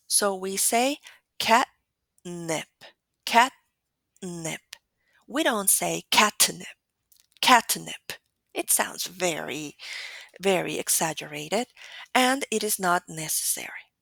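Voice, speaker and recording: Spanish-native woman teaching phonetics, slow and careful, dry close sound. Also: medium pitch, a bit bright, dry recording. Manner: slow, deliberate explanation with demonstrated sounds. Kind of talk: recorded phonetics lecture.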